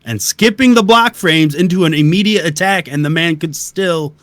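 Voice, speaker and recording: A man's voice: fairly high pitch, moderate pace, no echo. A man being interviewed about a video game, giving detailed technical explanations in a casual chat. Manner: detailed, technical explanations, soft-spoken asides.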